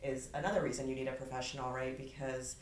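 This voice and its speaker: A woman with a very low voice joins a casual podcast chat and agrees readily with the host. She sounds distant from the mic in a ringing room. A faint rumble runs underneath. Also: flat delivery, echoey room. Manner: agreeable, backs up the host with quick asides. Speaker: guest, real estate colleague.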